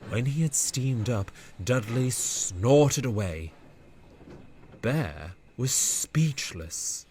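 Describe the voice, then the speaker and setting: A man narrating a storybook tale in a scripted, measured way. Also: mid-range voice, expressive, darkish tone, slight background noise.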